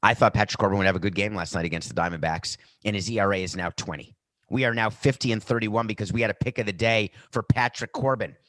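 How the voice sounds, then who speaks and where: A man hosting a podcast, giving sports betting picks with jokey asides and animated delivery. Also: lowish voice, fast talker, no room sound. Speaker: podcast host.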